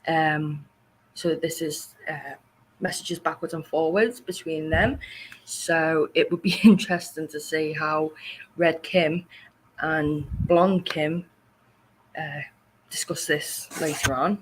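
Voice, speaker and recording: A woman's voice: sits low, fairly even intonation, slow, slight background noise, poor audio. A woman hosting a casual livestream from home on a shared desk microphone, chatty and rambling, laughing often. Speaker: livestream host.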